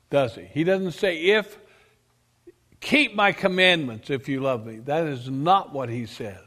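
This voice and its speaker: A male preacher delivering an emphatic sermon, asking his congregation questions and swinging between loud declarations and quiet asides. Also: fairly high pitch, animated, unhurried. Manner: emphatic, rises and drops sharply, asks the congregation questions. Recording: long reverb of a church hall.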